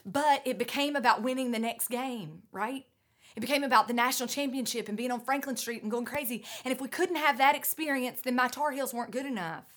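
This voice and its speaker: A woman's voice: high-pitched, fairly quick. Earnest, breathless woman preaching. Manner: earnest, emphatic, swings between loud urging and soft hushed lines. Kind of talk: sermon.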